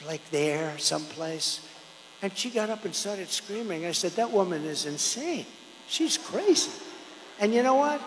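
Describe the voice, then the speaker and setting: An older man giving a campaign rally speech, rambling and repetitive, swinging between loud declarations and low asides. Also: slight background noise. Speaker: political candidate at a rally. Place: large outdoor or arena rally. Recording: echoey hall with long reverb.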